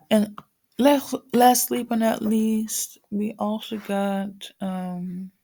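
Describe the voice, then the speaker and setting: A woman's voice: medium pitch, flat delivery, extremely slow, gravelly, warm tone. A woman with a morning voice giving a casual spiritual reading to viewers, rambling with many fillers and restarts. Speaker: spiritual reader.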